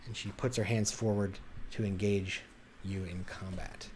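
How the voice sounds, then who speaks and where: Lowish-voiced guy running a tabletop game, lots of uhs and restarts. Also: fairly even intonation, a little mellow, slight background noise. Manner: descriptive, halting with fillers. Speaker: game master.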